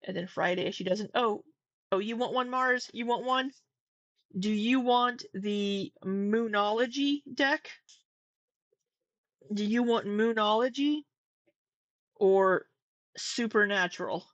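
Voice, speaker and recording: A woman's voice: medium pitch, slow pace, fairly bright tone, dry recording, muffled recording. Woman chatting on a casual livestream. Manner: candid, swears, easily exasperated. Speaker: livestream commentary host.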